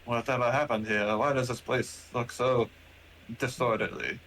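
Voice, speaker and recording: A man's voice: medium pitch, fairly even intonation, moderate pace, a bit bright, a little hiss or hum, lightly acted, low-quality recording. A man voicing a towering male robot servant who speaks in a stilted, formal, metallic way.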